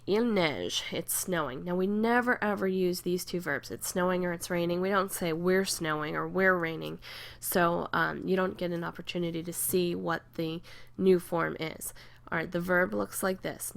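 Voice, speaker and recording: A woman teaching a French grammar lesson, explaining rules patiently and slowly drilling verb conjugations. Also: lowish voice, creaky, fairly bright tone.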